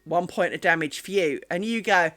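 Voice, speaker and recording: A woman's voice: lowish voice, moderate pace, fairly bright tone, soft background music. A woman live-streaming at home, chatting casually and wryly on a desk mic, teasing herself and talking to her pets. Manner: chatty, wry, self-deprecating, talks to her pets. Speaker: craft streamer. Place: home craft room. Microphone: desk microphone.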